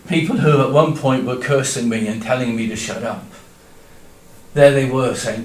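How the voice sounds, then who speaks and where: A man telling a Bible story in the first person in a church, dramatic, swinging from loud cries to hushed tones. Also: mid-range voice, unhurried. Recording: echoey church room, distant mic.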